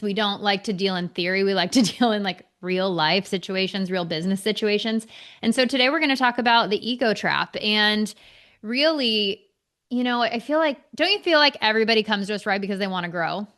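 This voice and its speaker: A woman's voice: a little high, fairly bright tone. A woman co-hosting a business podcast in casual chat, blunt and outspoken, swearing freely. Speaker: podcast co-host, business coach.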